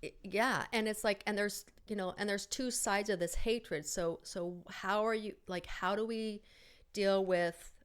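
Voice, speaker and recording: A woman's voice: medium pitch, steady tone, unhurried, smooth. A middle-aged woman co-hosting a casual chat and telling a story with many fillers and restarts. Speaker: podcast co-host.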